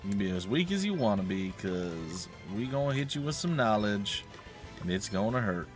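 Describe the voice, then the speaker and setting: A man's voice: fairly low pitch, very animated, moderate pace, faint music behind. A man hosting a let's play, chatting casually and joking as he talks to the enemies on screen. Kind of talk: casual gaming commentary.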